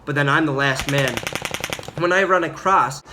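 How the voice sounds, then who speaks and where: Young man, slightly high voice, casual rambling storyteller, background noise under the voice. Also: normal speed. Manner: rambling, filler-heavy, acts out quotes loudly. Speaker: former Marine telling a story.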